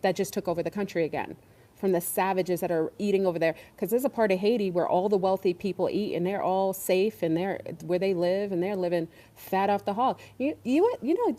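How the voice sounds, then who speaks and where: Woman host for a casual online talk stream; warm, darker voice, rambling and emphatic. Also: medium pitch. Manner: rambling, emphatic, many fillers.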